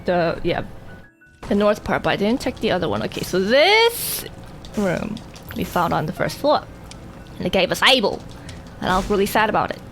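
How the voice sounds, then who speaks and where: A woman's voice: mid-range voice, very animated, normal speed, pauses often, fairly bright tone, soft background music. A woman giving casual, rambling gameplay commentary, talking animatedly and swearing casually. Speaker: gameplay streamer.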